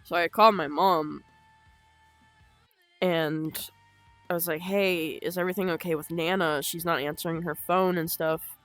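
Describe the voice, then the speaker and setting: A young woman telling her own story in an unscripted vlog, halting and emotional, with frequent swearing. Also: fairly low pitch, steady tone, no room sound, faint music behind. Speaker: vlogger.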